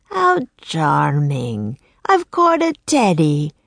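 A cruel half-bird king from a storybook reading, raspy and mocking, put on by a woman narrator. He stretches each word in a slow, low drawl. The voice sits dry and close to the mic. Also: wildly swooping pitch, no room sound, heavily acted. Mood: menacing.

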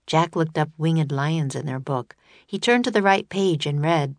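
A woman narrating a children's audiobook in a steady, measured reading voice. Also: low-pitched, no room sound.

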